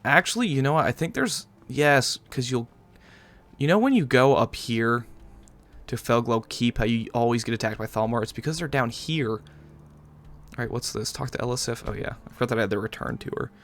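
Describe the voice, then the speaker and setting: Sarcastic, rambling let's-play host. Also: male voice, medium pitch, a little fast, a bit bright. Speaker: gaming channel host. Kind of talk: casual let's-play commentary.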